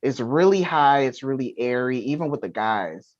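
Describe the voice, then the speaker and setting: Brief: measured co-host, pauses and ums, slightly muffled dry recording. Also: medium pitch, animated, no room sound. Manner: thoughtful, halting, with frequent ums. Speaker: podcast co-host. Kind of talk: casual review chat.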